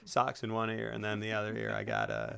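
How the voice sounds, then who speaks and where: A man's voice: on the low side, sing-song, a little fast, gravelly, bright, forceful tone. A man on a casual film podcast, rambling as he retells movie scenes. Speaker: podcast co-host.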